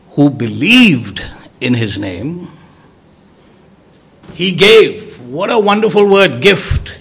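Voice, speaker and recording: A man preaching a sermon, emphatic, swinging from loud exclamations to soft low words. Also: creaky, breathy edge.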